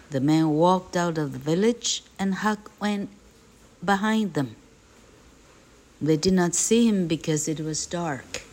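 Slow, low-voiced woman reading aloud. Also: darkish tone. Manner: slow and clear, for learners. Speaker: English reading teacher. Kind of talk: slow read-aloud of a graded reader.

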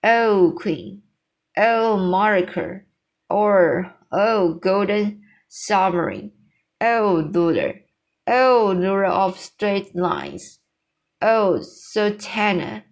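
A woman voicing a gentle, bumbling male giant who mangles his words, read slowly from a storybook. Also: mid-range voice, expressive. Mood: earnest. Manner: garbled mixed-up words.

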